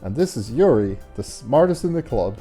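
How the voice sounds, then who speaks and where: A man voicing a cheerful, energetic schoolgirl while reading a game's dialogue aloud. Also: mid-range voice, normal speed, soft background music, lightly acted. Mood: eager. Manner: bubbly, eager.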